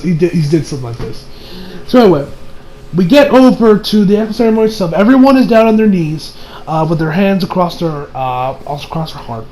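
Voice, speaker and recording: A man's voice: high-pitched, low-quality recording. A man giving a casual, profanity-laced anime episode recap and rant, acting out the characters' lines as he goes. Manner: profane, animated, mimics characters in quotes. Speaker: anime reviewer.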